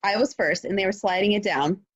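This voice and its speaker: A woman co-hosting a podcast in casual chat, telling stories with excitement, acting out quotes and swearing freely. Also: mid-range voice, brisk, slightly rough, no echo, highs cut off. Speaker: podcast co-host.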